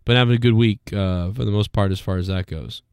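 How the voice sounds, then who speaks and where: A man's voice: on the low side, fast, a little mellow, clean tone, dry recording. A man hosting a livestream, talking bluntly and profanely in rambling casual chat. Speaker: livestream host.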